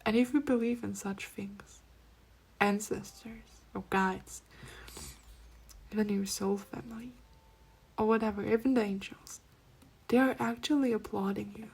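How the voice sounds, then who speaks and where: A woman giving a pick-a-card spiritual reading, speaking softly and often dropping to a near-whisper, then breaking into laughs. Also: medium pitch, steady tone, measured pace, pauses often, slightly rough. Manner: soft-spoken, drifting between near-whispers and laughing outbursts. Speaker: tarot reader.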